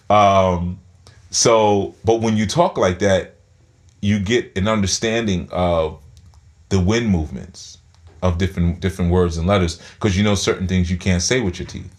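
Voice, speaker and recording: A man's voice: low voice, measured pace. A man giving a spiritual teaching talk, speaking through his teeth and often repeating words as he thinks aloud.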